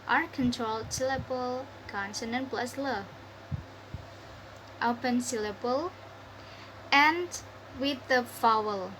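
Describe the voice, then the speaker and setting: A woman's voice: a little high, fairly bright tone, slight background noise, rough recording. A young woman with an Indonesian accent, a student presenting a pronunciation lesson, reading word lists and repeating each example. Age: young adult. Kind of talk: slow read-aloud lesson.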